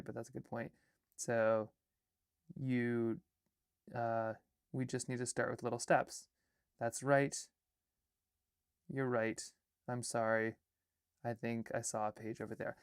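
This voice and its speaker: Gravelly man thinking aloud on a livestream. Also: medium pitch, dry recording, studio quality. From Alaska. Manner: rambling, reads chat comments and draft text aloud. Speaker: artist and filmmaker livestreaming.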